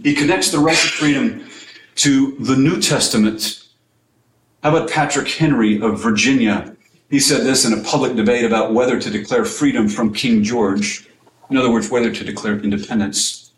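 A man's voice: mid-range voice, normal speed, reverberant, slight background noise, low-quality recording. A man teaching in a sermon style, emphatic, asking rhetorical questions and repeating key phrases for weight.

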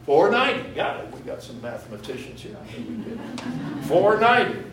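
A man's voice: high voice, very animated, brisk, noisy background. A man preaching a sermon, teaching verse by verse and explaining word meanings to his congregation. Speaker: pastor. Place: church sanctuary. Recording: echoey room, voice from far off.

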